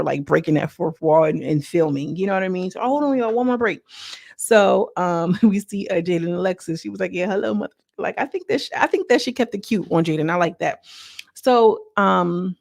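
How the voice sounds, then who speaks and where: A woman's voice: on the low side, gravelly, dry recording, studio quality. A woman recapping a reality show in casual chat, acting out quotes with slang. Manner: chatty, acts out quotes with slang.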